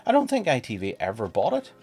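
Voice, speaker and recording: A man's voice: medium pitch, huge pitch swings, quick pace, a little mellow. A man casually chatting while streaming a game, playful and talkative, teasing the creatures on screen. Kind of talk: casual gameplay stream chat.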